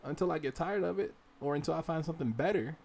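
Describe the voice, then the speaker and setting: A man's voice: a little high, fast talker, creaky, a little mellow. Rambling man hosting a modding tutorial. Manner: rambling, talks to viewers directly and urges them on. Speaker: gaming livestream host. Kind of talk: casual screen-share modding tutorial.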